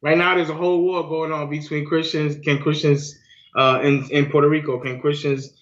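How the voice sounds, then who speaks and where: A man's voice: a little high, little pitch movement, normal speed, a bit bright. A man co-hosting a podcast in casual chat, slangy. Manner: slangy, calls listener "son" and "B". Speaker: podcast co-host. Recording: dull lo-fi sound.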